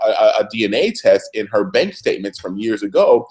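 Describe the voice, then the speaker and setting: A man co-hosting a TV recap chat, telling the plot in a lively way and acting out the characters' lines. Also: fairly low pitch, fairly quick. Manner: lively storyteller who puts on voices for characters. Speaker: recap show co-host. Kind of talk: animated casual chat, acting out scenes.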